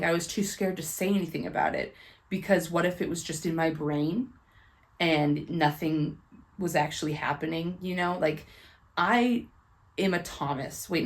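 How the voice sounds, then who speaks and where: A young woman with a low, deep-set voice tells a personal testimony straight to camera. She talks in a chatty, candid way, with lots of "like" and "um." She stays earnest and emotional, as if holding back tears. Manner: chatty and candid, heavy use of "like" and "um". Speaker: faith and book vlogger.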